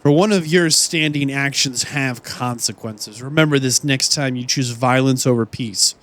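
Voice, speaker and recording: A man's voice: medium pitch, moderate pace, a bit bright. A man hosting a game playthrough, commentating as he plays and launching into mock-indignant, theatrical rants at enemies. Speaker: let's play host. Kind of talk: gameplay commentary.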